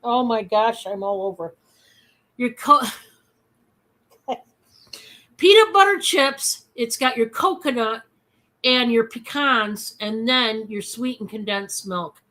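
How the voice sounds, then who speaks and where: A woman hosting a casual live-stream sale, chatty and excitable, with many fillers. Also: a little high, slow pace, pauses often.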